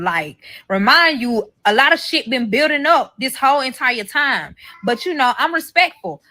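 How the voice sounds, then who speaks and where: A woman's voice: a little high, a little slow. A woman telling a profane story-time tale, acting out the quoted lines and swearing freely. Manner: animated, swearing, acts out quoted dialogue. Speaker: storyteller in a played clip.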